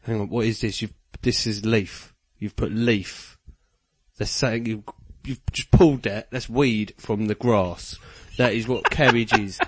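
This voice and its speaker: A man's voice: lowish voice, fairly even intonation, measured pace, slightly rough, no room sound. A young man co-hosting a comedy podcast, laid-back, rambling into sweary rants. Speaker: podcast co-host. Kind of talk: casual comedic chat.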